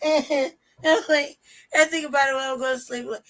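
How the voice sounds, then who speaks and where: A woman's voice: sits high, sing-song, normal speed, creaky, a bit bright, rough recording. A woman hosting a live stream, telling candid personal stories in casual chat. She swears freely, laughs often and acts out what she and others said.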